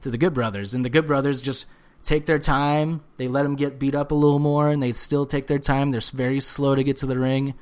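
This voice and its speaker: A man's voice: mid-range voice, fairly quick. Profane, ranting male wrestling podcaster. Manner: animated, profane, rants with bursts of shouting. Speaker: podcast co-host. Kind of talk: casual wrestling recap chat.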